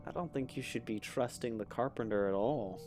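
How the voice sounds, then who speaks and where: A man's voice: mid-range voice, a little fast, a little mellow, faint music behind. A man giving casual, rambling commentary as he plays a video game, chatty and self-amused. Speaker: let's play host.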